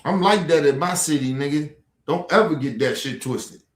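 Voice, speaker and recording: Man, livestream rant, fairly high voice, combative, echoey room. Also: moderate pace. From Baltimore. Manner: aggressive, profane, challenging. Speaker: streamer.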